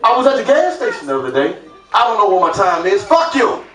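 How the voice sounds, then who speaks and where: A man performing a stand-up comedy set, telling a story loudly and acting out the voices of its characters. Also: sits high, sing-song, fast. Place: comedy club stage. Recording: roomy club sound from a distant mic with crowd laughter.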